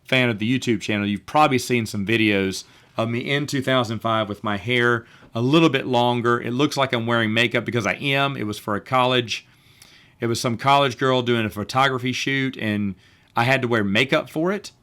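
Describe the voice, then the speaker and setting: A man's voice: mid-range voice, a little fast, fairly bright tone. A man telling a long personal story late at night, rambling and restarting his sentences. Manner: rambling, restarts often, says he is tired. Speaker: podcast host. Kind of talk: casual storytelling monologue.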